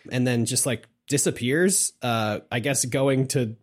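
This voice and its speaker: A man's voice: medium pitch, measured pace, few pauses. A young man in casual chat, recapping a story, laughing and acting out lines. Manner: relaxed, laughing, acts out lines with swearing.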